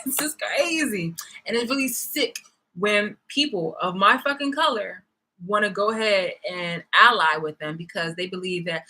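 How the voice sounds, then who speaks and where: A woman's voice: medium pitch, normal speed, pushed and bright, low-quality recording. A woman vlogger ranting angrily and sarcastically, swearing hard and breaking into bursts of laughter. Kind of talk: heated vlog rant.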